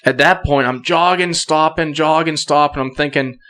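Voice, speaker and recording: A young man, a podcast guest, telling a hunting story in a casual, animated way and acting out the quoted voices. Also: fairly high pitch, moderate pace, clean tone.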